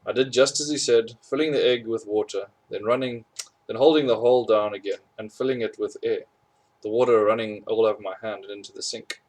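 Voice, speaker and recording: Man reading a storybook aloud, low voice. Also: steady tone, fairly quick, a little mellow, rough recording. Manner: amused, chuckles at funny parts, corrects slips. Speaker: audiobook reader.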